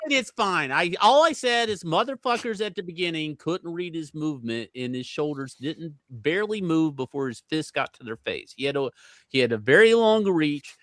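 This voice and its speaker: Dry, bright-voiced man arguing hard. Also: on the high side, animated, normal speed, no room sound. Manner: emphatic, profane, argumentative. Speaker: podcast panelist. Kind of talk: casual podcast chat.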